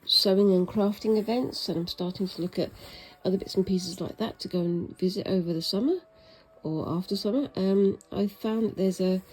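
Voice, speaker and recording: A British vlogger keeps up relaxed, slightly rambling talk while stitching, with a self-mocking sense of humour and occasional soft-spoken moments. Her mid-range voice is breathy and moves at a normal speed. Faint music plays behind a low-quality recording.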